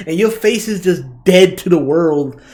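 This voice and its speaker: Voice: medium pitch, measured pace, darkish tone. A podcast co-host in casual chat, reacting with dramatic, theatrical flair.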